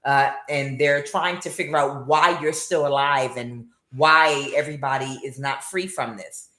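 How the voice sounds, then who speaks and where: A woman's voice: very deep voice, steady tone, a little slow, bright, forceful tone, echoey room. A woman giving a casual tarot reading, mocking and scolding, with many filler uhs. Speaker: tarot reader.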